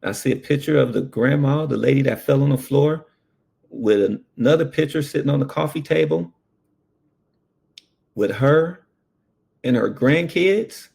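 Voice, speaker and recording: A man, a paramedic, telling a personal story in an animated, earnest way. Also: mid-range voice. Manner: slow, gravelly, animated storytelling.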